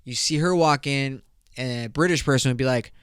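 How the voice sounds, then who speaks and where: A man's voice: medium pitch, brisk, fairly bright tone, clean tone, dry recording, studio quality. A man hosting a podcast in loose, profane, joking casual chat. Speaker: podcast host.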